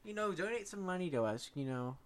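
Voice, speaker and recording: A man's voice: sits high, expressive, quick pace. A teenage boy co-hosting a podcast, chatting casually and laughing often as he tells stories. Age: teens. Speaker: podcast co-host. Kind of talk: casual chat.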